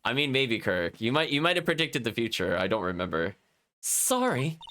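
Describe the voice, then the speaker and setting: A man's voice: on the low side, big pitch swings, brisk, bright, forceful tone. A man streaming a game, chatting casually and laughing with his chat. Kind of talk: casual let's-play commentary.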